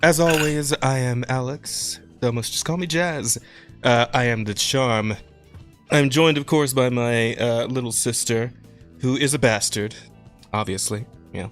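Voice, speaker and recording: A man's voice: mid-range voice, unhurried, fairly bright tone, faint music behind. A man hosting a casual podcast, joking, laughing often and stumbling over words. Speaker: podcast host.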